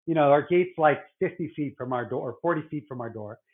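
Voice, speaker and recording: A middle-aged man who works as a doctor talks in a loose, rambling way, doubling back and restarting his sentences. His voice sits a little high. The sound is thin and boxy, as if it were coming over a phone call. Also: fairly quick. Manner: rambling, many restarts and fillers. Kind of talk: casual podcast chat.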